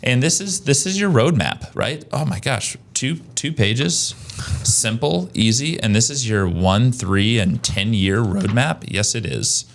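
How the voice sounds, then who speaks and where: A man hosting a casual podcast chat, energetic and conversational, often restarting his sentences. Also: mid-range voice, a little slow, vocal fry. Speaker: podcast host, agency owner.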